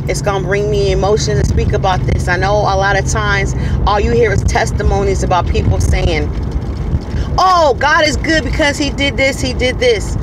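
A woman's voice: medium pitch, background noise. A woman giving an earnest motivational testimony, repeating phrases for emphasis. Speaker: speaker sharing her story.

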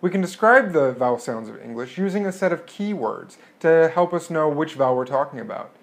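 A man's voice: on the high side, lively intonation. Man lecturing, modeling each vowel sound. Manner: clear and explanatory, modeling vowel sounds slowly. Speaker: linguistics lecturer. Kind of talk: recorded lecture.

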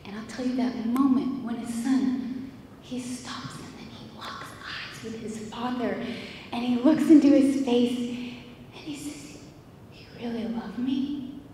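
A woman's voice: fairly even intonation, a little slow, warm tone. Young woman preaching in an echoing hall. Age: young adult. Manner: earnest, rising to fervent appeals. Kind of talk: sermon with storytelling. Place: church. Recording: echoey hall from far off, faint rumble.

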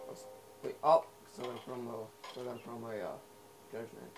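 A young man with a mid-range, gravelly voice talks fast while playing a video game, rambling casually and stuffing his commentary with fillers and asides. He's easily sidetracked, and the gamer's clip is a noisy home recording.

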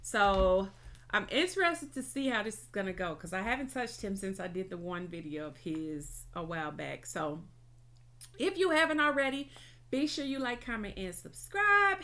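A fairly high female voice, talking casually straight to her viewers. Her tone is bright and clear, and she keeps things loose and chatty, checking in with "okay?" as she goes. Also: animated, normal speed. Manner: chatty, says "y'all" and "okay" often. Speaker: reaction video host. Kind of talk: casual vlog chat to camera.

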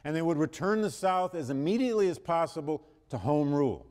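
A man's voice: a little high, sing-song, a little fast, a little mellow. A man giving a university history lecture, speaking emphatically, correcting himself as he goes and raising his voice for quoted passages, with an occasional cough. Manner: emphatic, reads quotations with rising force, self-correcting. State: coughing at times. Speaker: history professor. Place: large lecture hall. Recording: reverberant lecture hall.

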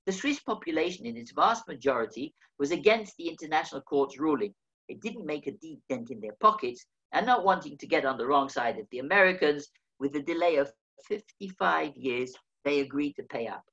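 A man's voice: fairly high pitch, expressive, fairly bright tone. Older man reading his memoir, lo-fi. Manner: measured, wry first-person storytelling. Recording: dull lo-fi recording.

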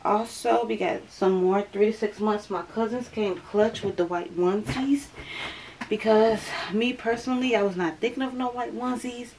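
Talking to her audience from home, this young vlogger sounds a bit breathless and keeps addressing everyone as "y'all" in a chatty, casual way. She speaks at normal speed in a fairly high, slightly mellow voice with fairly even intonation, over a light hiss or hum.

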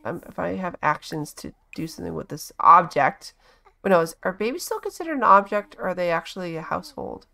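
A woman giving casual let's-play commentary, chatty and bossing her game characters around with quick exclamations. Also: fairly low pitch, expressive, creaky, sharp tone. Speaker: gaming channel host.

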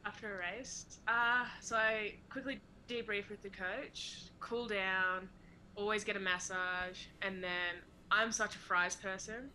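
A young Australian woman in a relaxed podcast interview, talking casually, swearing freely and laughing often. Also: medium pitch, a little slow, a little hiss or hum, low-quality recording. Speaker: guest athlete.

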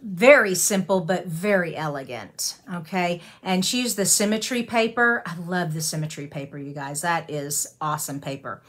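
A woman with a drawl talks through handmade cards in a relaxed show-and-tell. She admires each one out loud and fills her pauses with ums and uhs. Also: lowish voice. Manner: chatty, admiring, drawling with fillers. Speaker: card-making channel host. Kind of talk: casual craft show-and-tell.

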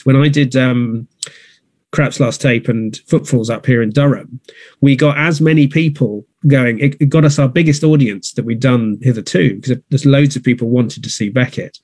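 A man in a conversational interview, speaking thoughtfully at a middle pitch. He often restarts his sentences and circles back to reach his point. The sound is dry and close. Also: moderate pace, darkish tone, breathy edge, dry recording. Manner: thoughtful, many restarts and fillers. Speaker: theatre producer. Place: north of England.

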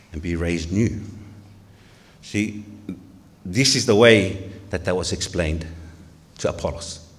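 Male pastor from Tonga, sermon, earnest, rhetorical questions, lowish voice, church.

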